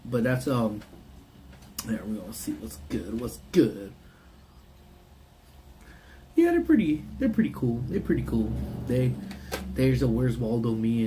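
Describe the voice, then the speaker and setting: A man's voice: fairly low pitch, background noise. A man hosting a casual live stream from his parked car, rambling and answering his chat. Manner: laid-back, rambling, reads and answers chat. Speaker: livestream host.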